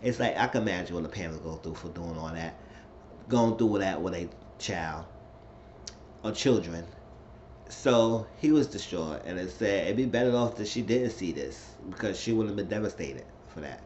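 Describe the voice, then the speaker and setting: A man giving a rambling, excitable casual recap of a TV episode. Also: low voice, normal speed. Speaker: TV episode reviewer. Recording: slightly dull lo-fi recording, faint noise.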